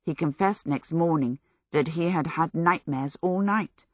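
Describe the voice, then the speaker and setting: A woman narrates a storybook in a low, measured voice, keeping a steady storytelling rhythm. The audiobook narration is recorded close and dry, with no room sound around it.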